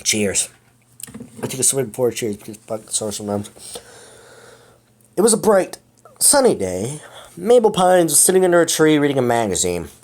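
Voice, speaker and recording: A man's voice: medium pitch, very animated, normal speed, pauses often, a little mellow. Young guy reading cringe fanfic, swears a lot, exasperated, voice bounces all over. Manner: exasperated, profane, laughing. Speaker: fanfic reader. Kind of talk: comedic dramatic reading.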